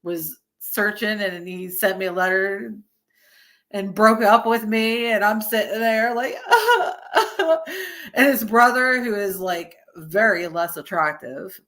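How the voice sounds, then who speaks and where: A woman's voice: mid-range voice, steady tone, unhurried, a bit bright. A woman in her early thirties chatting casually on a stream, swearing freely and laughing often. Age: early 30s. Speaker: streamer reacting to a video. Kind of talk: casual live-stream chat.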